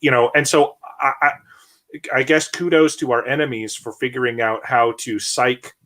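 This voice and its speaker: A man's voice: medium pitch, steady tone, moderate pace, a bit bright. Blunt rambling man, casual talk. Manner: rambling, blunt, frequent restarts and fillers. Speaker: podcast host. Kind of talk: casual political discussion.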